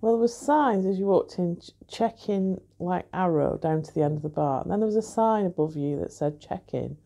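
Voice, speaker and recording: A woman's voice: on the low side, normal speed, creaky, dark tone. A woman chatting casually in a hotel room, complaining as she tells a long story about a bad stay. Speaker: reviewer. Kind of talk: casual chat.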